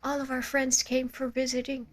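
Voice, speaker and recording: A woman game master chatting casually at the end of a live tabletop stream, bubbly and quick to giggle, on a desk microphone at home. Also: high voice, monotone.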